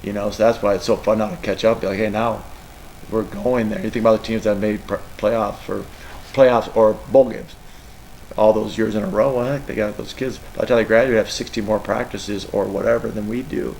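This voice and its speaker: A middle-aged college football coach answers press questions emotionally, rambling and sometimes tearful. His lowish voice is creaky and a little mellow, fairly even in intonation and brisk. The low-quality recording carries slight background noise.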